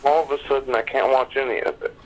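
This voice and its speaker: A man's voice: mid-range voice, steady tone, fast, slight background noise, rough recording. A man calling in, talking earnestly in casual speech, often saying "man". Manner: earnest, says "man" a lot. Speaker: caller. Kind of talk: casual phone conversation.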